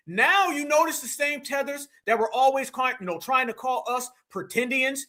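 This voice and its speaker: A man hosting a casual livestream, talking in an animated, slangy and mocking way. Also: extremely high pitch, normal speed, hardly any pauses. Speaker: livestream host.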